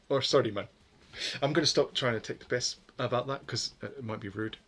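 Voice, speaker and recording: A man's voice: mid-range voice, fairly quick, a bit bright, husky. Rambling man streaming code. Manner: rambling, swears freely, self-deprecating. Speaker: live-coding streamer. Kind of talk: casual stream chatter while coding.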